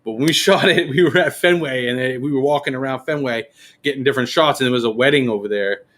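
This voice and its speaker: A man's voice: mid-range voice, fast talker. A man telling a story in a casual podcast chat, swearing freely and acting out what people said. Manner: animated, profane, acts out quotes.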